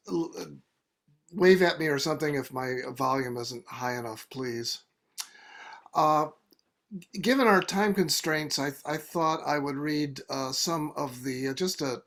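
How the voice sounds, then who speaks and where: An older man, a retired poet, thanking the host and setting up his reading over a video call, talking haltingly with many fillers. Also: mid-range voice, fairly bright tone. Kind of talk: poetry reading.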